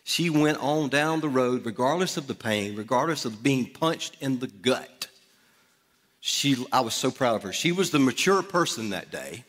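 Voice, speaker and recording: A middle-aged man preaching to his congregation, easygoing and conversational as he tells a personal story. His voice sits at an ordinary pitch and rings with a long reverb off the sanctuary walls. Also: expressive, normal speed, fairly bright tone. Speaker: pastor. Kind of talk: storytelling sermon. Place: church sanctuary.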